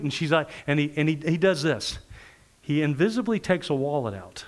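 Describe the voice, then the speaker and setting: Speaking at a moderate clip in a slightly high voice, a preacher tells stories from the pulpit. He animatedly voices the people he quotes and keeps breaking into laughter.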